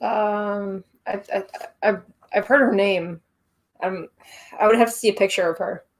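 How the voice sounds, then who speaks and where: A woman's voice: mid-range voice, fairly even intonation, measured pace. A woman joining a casual livestream chat as a guest, speaking hesitantly with small restarts.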